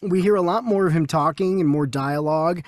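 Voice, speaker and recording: A man co-hosting a casual movie news podcast, talking in an animated way with frequent restarts. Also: a little high, brisk, no echo, studio quality. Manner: animated, many restarts and quoted voices. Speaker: podcast co-host.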